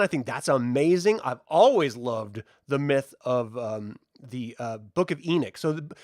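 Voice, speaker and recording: A man talks through a film review in a casual, joking way, his voice sitting a bit high and moving up and down a lot. The sound is dry and close, with no room echo. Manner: animated, joking, chatty. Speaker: host.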